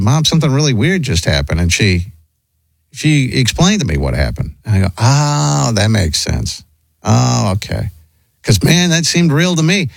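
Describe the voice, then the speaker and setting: A man's voice: medium pitch, no room sound, low-quality recording. A man hosting a talk show who is blunt and emphatic, dismissing claims he finds ridiculous. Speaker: podcast host. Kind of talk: opinionated commentary.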